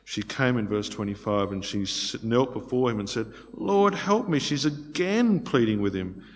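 Male preacher, expressive delivery moving between loud pleading and quiet asides, long hall reverb. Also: lowish voice, normal speed. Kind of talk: sermon.

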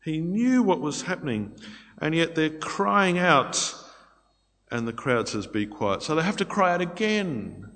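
A man's voice: mid-range voice, vocal fry. Man preaching in a reverberant hall. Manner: expressive, swings between loud pleading and hushed asides. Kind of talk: sermon. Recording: long reverb of a large hall.

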